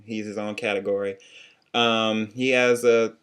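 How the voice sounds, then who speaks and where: A young man talking in a lowish voice, trading casual critiques with a friend. His delivery is blunt and sassy, full of quick asides and playful digs. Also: flat delivery, a bit bright, smooth. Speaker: co-host reviewing singing contest.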